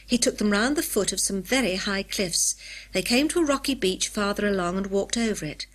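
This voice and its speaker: A woman reading an adventure story aloud in clear, measured storybook narration. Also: mid-range voice. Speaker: audiobook narrator. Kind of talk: scripted narration.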